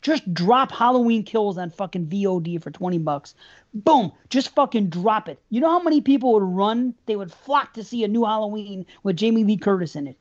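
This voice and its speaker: A woman's voice: medium pitch, expressive, brisk, a little mellow. A woman co-hosting a podcast, ranting heatedly in casual talk, swearing constantly and repeating words. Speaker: podcast co-host. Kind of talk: casual profane rant. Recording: dull lo-fi sound.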